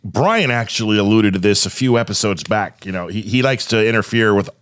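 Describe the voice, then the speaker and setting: A man's voice: lowish voice, lively intonation, fairly quick, no echo, studio quality. A man hosting a podcast, chatting casually and easygoing with guests, often using fillers. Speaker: podcast host. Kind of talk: casual chat.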